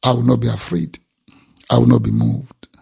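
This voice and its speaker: A man's voice: medium pitch, normal speed, gravelly, mellow, slightly rough. A man preaching a sermon, emphatic and repeating key phrases for effect.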